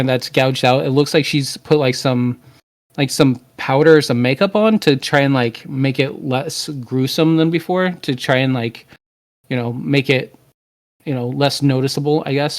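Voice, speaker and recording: A man's voice: medium pitch, a little slow. A man narrating as game master, hesitant and full of filler words.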